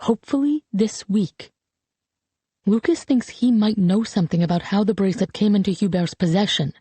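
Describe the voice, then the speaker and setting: A woman reads as a hushed, reassuring woman friend in an audiobook, keeping her voice low and soft. The tone is dark and mellow, the recording dry. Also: moderate pace, breathy edge, dry recording, lightly acted. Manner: hushed, whispering.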